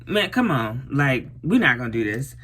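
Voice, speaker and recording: A woman's voice: rumbling low, sing-song, normal speed, a bit bright, slight background noise. A young woman doing her makeup while telling a storytime in casual, blunt, profane chat. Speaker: vlogger.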